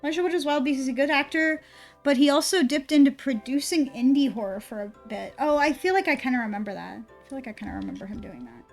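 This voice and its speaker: An excitable young woman streaming a game, chatting to her viewers in a high voice, cursing and laughing freely. Faint game music runs quietly under her talk. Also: fast. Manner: excitable, swearing, laughing often, talking to chat. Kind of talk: casual live-stream commentary.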